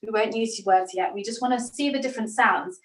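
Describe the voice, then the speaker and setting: A woman, a theatre director leading an online acting workshop, talking in a lively, demonstrative way. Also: fairly high pitch, a little fast. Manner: lively, demonstrative, laughs often. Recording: echoey room, mic at a distance.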